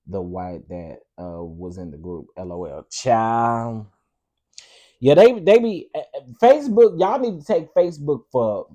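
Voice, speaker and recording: A man, hosting a casual live stream, chatting with his viewers in an animated, preachy way. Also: mid-range voice. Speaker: host.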